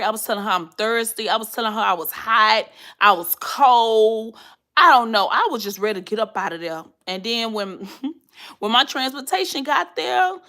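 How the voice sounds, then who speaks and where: A young adult woman vlogging to her viewers, chatty and animated, acting out the people in her story as she tells it. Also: a little high.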